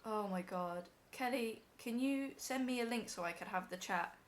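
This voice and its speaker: A woman's voice: a little high, normal speed, slight background noise. A young woman on a live stream, emotional and teary as she talks to her chat from home.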